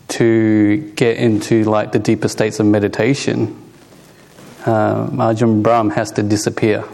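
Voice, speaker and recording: Guy giving a relaxed dharma talk, really slow, lots of ums and restarts, bit of gravel in the voice. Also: lowish voice. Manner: unhurried and halting, many fillers and restarts, chuckles softly. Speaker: Buddhist meditation teacher. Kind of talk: informal Dhamma talk.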